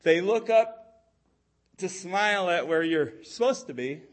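A man preaching a sermon, telling a story and checking in with his listeners, growing louder at dramatic moments. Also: high-pitched, animated. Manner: storytelling, repeats "okay?" to the audience; slow and deliberate, swelling louder at dramatic moments.

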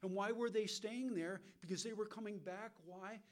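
American man, high-pitched, Bible teacher, asks questions and answers them himself, keeps saying okay. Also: steady tone, normal speed. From United States. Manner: keeps checking in with "okay?" and "all right?".

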